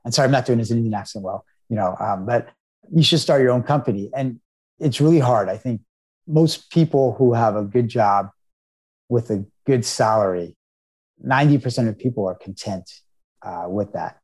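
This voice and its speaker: A man's voice: medium pitch, moderate pace, darkish tone, breathy edge. A middle-aged American man, a startup founder, giving earnest storytelling answers in an interview. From United States.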